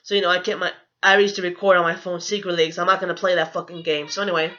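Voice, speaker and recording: A woman's voice: fairly low pitch, flat delivery, racing, sharp tone. A young woman telling a storytime vlog in a blunt, profane, indignant rant. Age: young adult. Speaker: vlogger. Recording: dull lo-fi recording.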